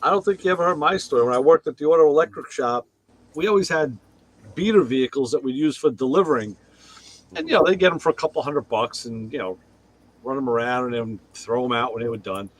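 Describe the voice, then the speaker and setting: A man's voice: mid-range voice, fast, poor audio. A man, co-host of a car show, telling a work story in casual chat and acting out the people he quotes. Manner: animated, acts out quoted voices.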